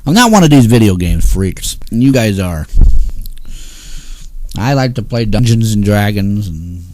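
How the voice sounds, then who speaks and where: A man from the northeastern United States hosts a small talk show from a home studio. His voice sits on the low side, and he talks in grumpy, exasperated rants full of cursing. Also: very animated, measured pace, a little mellow. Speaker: host. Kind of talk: casual ranting talk show.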